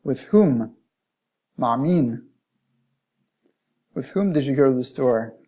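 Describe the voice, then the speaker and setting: A man's voice: medium pitch, animated, unhurried, mellow. A man teaching an Arabic lesson, reading from a textbook, explaining it in plain words and modeling Arabic phrases. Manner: reads passages aloud, then restates them plainly, modeling Arabic phrases. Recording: dull lo-fi recording.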